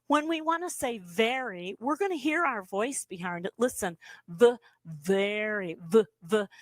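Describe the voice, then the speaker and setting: A woman's voice: on the high side, no echo. A woman teaching a beginners' ventriloquism workshop, patiently coaching step by step and demonstrating sounds. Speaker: ventriloquism instructor.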